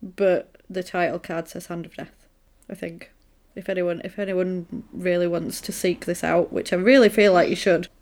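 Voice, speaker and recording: A woman's voice: fairly low pitch, steady tone, moderate pace, a little mellow. A woman co-hosting a podcast, retelling a film in a chatty, amused way. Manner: chatty, amused storytelling with quoted asides. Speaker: podcast co-host. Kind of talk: casual chat.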